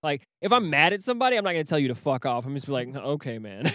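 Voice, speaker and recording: A man's voice: fairly high pitch, very animated, very fast, fairly bright tone, no echo, studio quality. A man co-hosting a casual podcast chat, rambling, swearing freely and laughing often. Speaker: podcast co-host.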